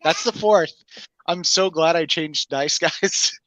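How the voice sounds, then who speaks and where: A woman's voice: low voice, takes it slowly, fairly bright tone, no echo. A woman playing in a tabletop game, confident and teasing. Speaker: player. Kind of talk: casual tabletop play.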